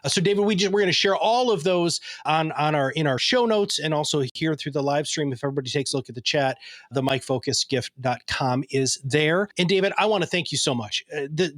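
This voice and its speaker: A man's voice: on the high side, fairly bright tone, no room sound. Appreciative male podcast host, dry. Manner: appreciative, enthusiastic. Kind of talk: interview wrap-up.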